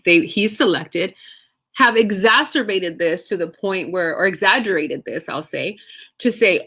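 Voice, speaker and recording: A woman teaching scripture in a casual, animated way, reading verses and acting out the speakers with conversational asides. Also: medium pitch, moderate pace. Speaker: Bible study teacher.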